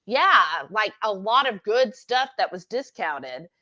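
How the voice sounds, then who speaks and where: A woman's voice: medium pitch, very animated, slow pace, sharp tone, lo-fi sound. A woman co-hosting a live cooking stream, chatting casually and reading viewer comments aloud. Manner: chatty, reads out comments with a laugh.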